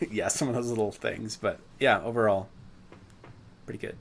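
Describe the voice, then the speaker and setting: A man with a low voice, talking through a film in loose, rambling podcast chat. He interrupts himself often, restarts his thoughts, and gets into nerdy detail. A faint hiss sits under the recording. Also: fairly even intonation, normal speed, gravelly. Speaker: podcast co-host. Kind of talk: casual chat, film review.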